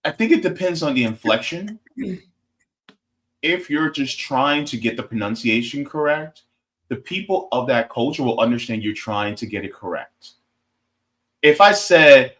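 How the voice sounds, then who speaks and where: An American man with a voice of middling pitch chats as a guest on a political show. He explains things patiently, stumbling into restarts and telling little stories to make his case. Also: lively intonation, moderate pace, fairly bright tone. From United States. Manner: explanatory, hesitant restarts, storytelling. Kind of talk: casual political chat.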